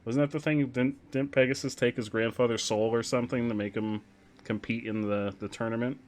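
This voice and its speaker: A young adult man streaming a game, chatting casually with sudden excited outbursts. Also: mid-range voice, a little fast, slight background noise. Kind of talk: casual gameplay commentary.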